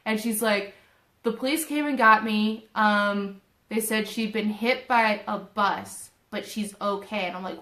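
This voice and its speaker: A young woman tells a personal story in a casual, animated way, acting out her own thoughts as she goes. Her voice sits at a middle pitch and carries a roomy echo. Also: unhurried. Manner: animated, emotional retelling with quoted inner voices. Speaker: spiritual video host.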